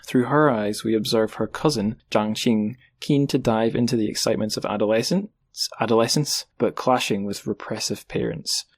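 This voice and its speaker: A man's voice: on the low side, moderate pace, vocal fry, few pauses, dry recording. A man hosting a podcast, reading news and book blurbs casually with many fillers. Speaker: podcast host. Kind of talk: solo podcast news segment.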